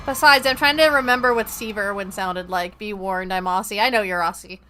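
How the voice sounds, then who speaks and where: Young woman game streamer, bright and tense tone, talkative and profane. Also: medium pitch, a little fast, faint music behind. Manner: chatty, profane, rambling. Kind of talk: casual gaming-stream chat.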